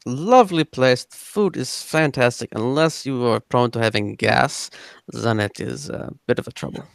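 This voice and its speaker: A man's voice: mid-range voice, moderate pace, creaky, dry recording, studio quality, natural voice. A man voicing a boastful male traveler who slips into a French accent, sharing crude travel tales. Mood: chatty.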